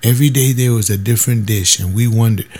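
A man's voice: mid-range voice, fast, darkish tone, slightly rough. An older man and former soldier, talking in a casual, emphatic monologue and now and then mimicking other people's voices. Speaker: former soldier sharing views.

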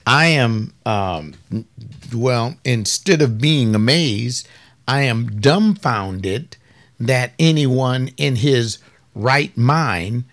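A combative male preacher in his middle years, delivering a fiery sermon in a mid-pitched voice. He sounds scornful, firing off quick bursts and then slowing down to drag out key words. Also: animated, a bit bright. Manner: combative, scornful, rapid bursts with drawn-out emphasis.

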